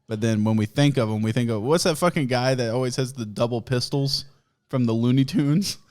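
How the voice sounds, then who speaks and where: A man's voice: mid-range voice, moderate pace, a little mellow. A man hosting a podcast, telling a rambling, profane story in a casual way and laughing often. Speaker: podcast host.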